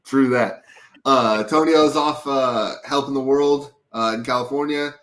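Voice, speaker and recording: A man's voice: mid-range voice, steady tone, measured pace, fairly bright tone. A man from Texas hosting a casual sports podcast, talking loosely with lots of swearing and rambling asides. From Dallas, Texas. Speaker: podcast host.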